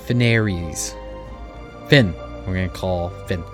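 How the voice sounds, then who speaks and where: A man's voice: low-pitched, a little slow, long pauses, soft background music. A man giving casual let's-play commentary on an online game, with sarcastic, joking asides. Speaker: gaming video creator.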